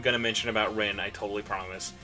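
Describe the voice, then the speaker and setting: A man's voice: lowish voice, fairly even intonation, fast, sharp tone, soft background music. A man hosting a podcast in casual chat, talking animatedly and rambling with lots of fillers. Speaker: podcast host.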